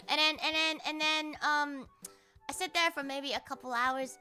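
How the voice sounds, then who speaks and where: A young woman streamer telling a story casually, animated and full of swearing, often laughing and mimicking other people. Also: sits high, normal speed, faint music behind.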